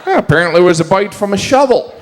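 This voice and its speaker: A man doing a stand-up comedy set on a live stage, deadpan, slipping into mocking put-on voices. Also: high-pitched, racing. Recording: live stage mic with audience noise.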